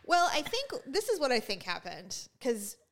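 A woman co-hosting a podcast, telling stories in an animated, chatty way. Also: sits high, normal speed. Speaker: podcast co-host. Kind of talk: casual chat.

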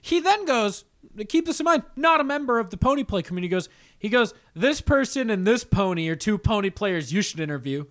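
A young man co-hosting a podcast, telling a story in animated, profane casual banter and laughing often. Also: high voice, a little fast. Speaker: podcast co-host.

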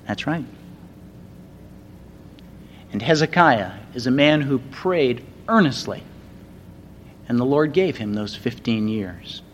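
Slow earnest preacher in a reverberant hall. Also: male voice, medium pitch, slight background noise. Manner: slow, earnest, building to loud emphatic repetitions. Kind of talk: sermon.

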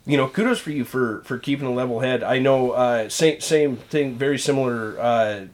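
Middle-aged dude on a podcast, earnest, lots of likes and uhs, just talking it out. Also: male voice, medium pitch, moderate pace. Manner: earnest, conversational, frequent fillers. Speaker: podcast co-host. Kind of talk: casual chat.

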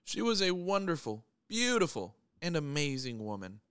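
Male podcast co-host with a smooth, resonant voice; dry, mock-solemn banter. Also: fairly high pitch, sing-song, moderate pace, a bit bright, no echo.

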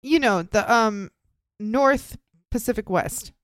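Woman, podcast co-host, fairly high voice, quick reactive banter. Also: clear, resonant tone, dry recording, studio quality. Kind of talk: casual podcast chat.

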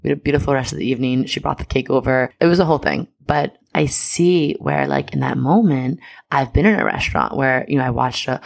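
A woman's voice: extremely low pitch, fairly quick, creaky. A young adult woman telling a personal story in a casual monologue, full of "like" fillers and candid swearing.

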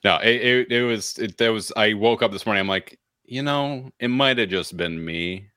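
A man, co-hosting a podcast in casual chat, rambling and self-mocking as he tells animated stories. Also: lowish voice, moderate pace, no echo, clean studio sound. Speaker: podcast co-host.

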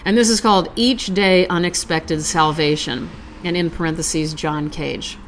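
Woman podcast host, lower register, relaxed chatty delivery that slows into a measured poetry reading. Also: slight background noise. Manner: chatty, self-aware, calm. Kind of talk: casual chat then poetry reading. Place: Los Angeles.

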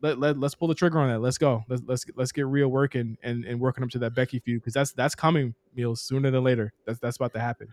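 A young man co-hosting a casual wrestling podcast, talking fast and profanely and laughing often. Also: mid-range voice, steady tone, darkish tone, no room sound. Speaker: podcast co-host.

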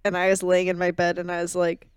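A woman co-hosting a podcast over a remote call, quick to react with sarcastic, playful teasing. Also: lowish voice, monotone, clear, resonant tone, no room sound. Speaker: podcast co-host. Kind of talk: casual chat. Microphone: remote call mic.

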